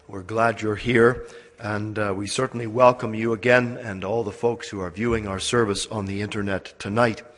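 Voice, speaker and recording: Hoarse raspy pastor guy, halting with lots of uhs, big church reverb trailing after him. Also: lowish voice, fairly even intonation, a bit bright. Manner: slow, halting with many fillers, rising to a declaiming reading voice. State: hoarse from a cold. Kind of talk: church service announcements and scripture reading. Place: church sanctuary.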